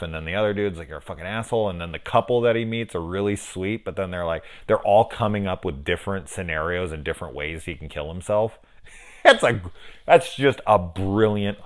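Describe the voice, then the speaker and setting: A man with a notably deep, low voice talks through a horror film in a loose, unscripted vlog. He rambles from scene to scene, swears constantly and gushes about the parts he loves. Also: a bit bright, clear, resonant tone. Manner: profane, rambling, enthusiastic. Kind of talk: casual film review vlog.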